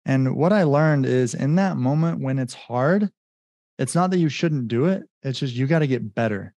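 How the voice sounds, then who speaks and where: A man's voice: medium pitch, animated, moderate pace, darkish tone, dry recording. A man, a business coach and guest, telling his story in a rambling casual way with many fillers and acted-out quotes. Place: home in Mexico.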